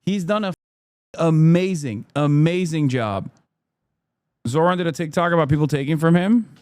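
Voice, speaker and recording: A man commenting casually on a live stream, animated and swearing, sometimes bursting into shouts. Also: fairly high pitch, moderate pace, smooth, dry recording. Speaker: streamer reacting to a debate.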